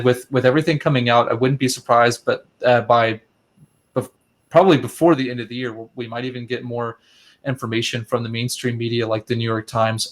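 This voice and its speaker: A man giving measured, earnest interview answers as a guest investigator, with fillers and restarts. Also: medium pitch.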